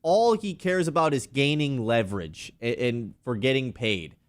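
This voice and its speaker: A man co-hosting a sports radio show, talking in animated, sarcastic banter and mocking with put-on quotes. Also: mid-range voice, normal speed, clear, resonant tone.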